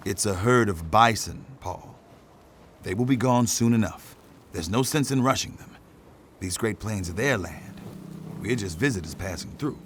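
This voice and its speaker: A fairly low-voiced male train porter, played by a man, calm and kindly in a family audio drama. He speaks patiently and gently scolds, with a faint ambience behind him. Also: moderate pace, slight background noise, close to an everyday voice.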